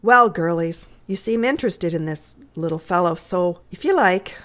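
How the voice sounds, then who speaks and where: A woman's voice: fairly low pitch, lively intonation, moderate pace, a bit bright. A woman voicing a kindly, dry-humoured doctor father in a readers' theatre story reading.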